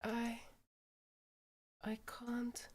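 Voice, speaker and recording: A woman's voice: high-pitched, slow pace, voice pushed up, full character voice. Streamer voicing a timid stammering teen girl. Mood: flustered, breathless. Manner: hesitant, stammering, soft breathy delivery. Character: timid shy teen girl, anxious and flustered. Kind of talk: voice-acting a visual novel while streaming.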